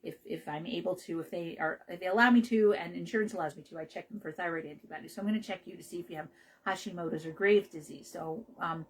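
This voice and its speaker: A woman's voice: on the low side, fast, breathy edge, rough recording. A woman hosting a health radio show, talking casually about naturopathic care in a chatty, rambling way with many fillers and restarts.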